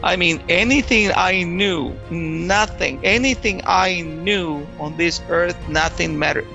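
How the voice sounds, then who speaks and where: A man telling his personal faith testimony, emotional and halting, often restarting his words. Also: high voice, creaky, lo-fi sound, music in the background.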